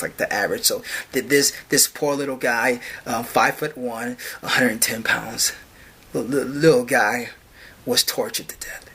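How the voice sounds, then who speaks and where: A man's voice: mid-range voice, pushed and bright, slightly rough. A man ranting to camera in a mocking way, stammering and repeating himself. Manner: stammering, rambling repetitions. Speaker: video host.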